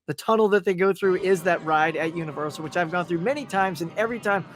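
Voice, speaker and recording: A man's voice: sits high, fast talker. A man hosting a casual interview, talking enthusiastically, laughing often and rambling through his stories. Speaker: podcast host.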